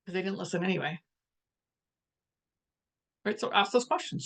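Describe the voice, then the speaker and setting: A middle-aged woman hosting a live spiritual talk, speaking in a reflective, musing way with many restarts and pauses, and now and then putting on the voices of family members. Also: lowish voice, gravelly, husky. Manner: quotes family conversations in lively voices. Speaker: spiritual empath host.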